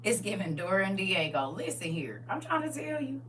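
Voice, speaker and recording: A woman hosting a livestream in casual chat, laughing often, repeating "listen," and moving into gentle spiritual advice. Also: medium pitch, sing-song, a little fast. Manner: laughs often, repeats "listen" and "I'm trying to tell you". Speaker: livestream host. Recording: distant mic with faint hum.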